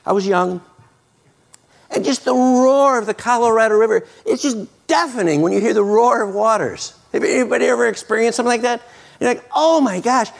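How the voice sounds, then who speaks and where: Gravelly man preaching with earnest fervor. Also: very high-pitched, a little fast. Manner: earnest, repeats words and restarts, rises to loud excitement. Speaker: pastor. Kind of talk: sermon.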